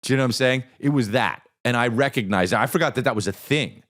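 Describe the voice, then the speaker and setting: A man hosting a podcast who tells a story in a casual, animated, profane way and acts out the voices of the people in it. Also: mid-range voice, fast. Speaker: podcast host.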